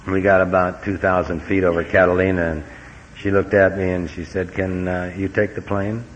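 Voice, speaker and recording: A man's voice: deep voice, little pitch movement, normal speed. A middle-aged man giving a folksy, earnest personal talk as a recovery meeting speaker, with wry humor. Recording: dull lo-fi recording with faint hiss.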